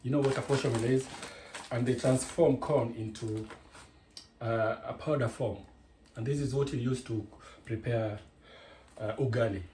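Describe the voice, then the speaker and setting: A man's voice: medium pitch, steady tone, moderate pace, warm tone. A man with a Kenyan accent giving a chatty, digressive home cooking tutorial from his kitchen, explaining each step. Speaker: home cook. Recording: echoey kitchen with faint noise.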